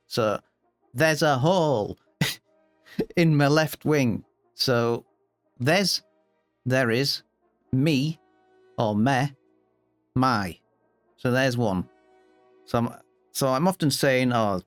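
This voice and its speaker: A man with a Yorkshire accent chatting casually to his viewers, chuckling and pausing with lots of ums. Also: mid-range voice, animated, no echo, faint music behind. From Yorkshire, England. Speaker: gaming YouTuber. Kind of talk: casual explainer talk to camera.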